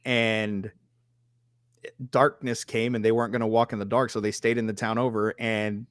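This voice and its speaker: A man's voice: lowish voice, moderate pace, no room sound, clean studio sound. A man in his thirties hosting a podcast, chatting casually and telling stories, with lots of swearing and filler words. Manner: animated storytelling, swears freely, lots of "like". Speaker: podcast host. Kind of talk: casual chat.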